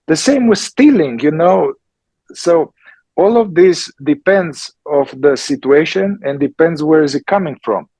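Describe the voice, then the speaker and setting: A man, a therapist and teacher answering questions in a slow, emphatic conversational way, often checking in with "yeah?". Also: fairly high pitch, lively intonation, mellow, breathy edge, dry recording, rough recording. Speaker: somatic psychotherapist and teacher.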